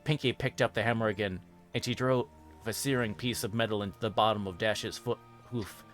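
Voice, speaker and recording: A man, the host, reading a fan fiction horror story aloud in a steady, even narration. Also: fairly low pitch, brisk, faint music behind.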